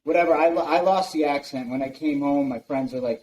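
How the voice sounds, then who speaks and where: A man's voice: mid-range voice, steady tone, brisk, darkish tone, rough recording. Casual, profane man telling stories. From United States, New Jersey. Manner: loose, profane storytelling with many fillers. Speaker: guest. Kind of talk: casual interview chat.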